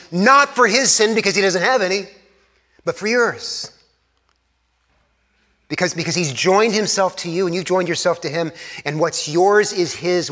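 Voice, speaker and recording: Earnest male preacher in a reverberant church. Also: sits high. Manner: earnest, drops to hushed tones for emphasis. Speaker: Anglican pastor. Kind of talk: sermon. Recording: long reverb of a church hall.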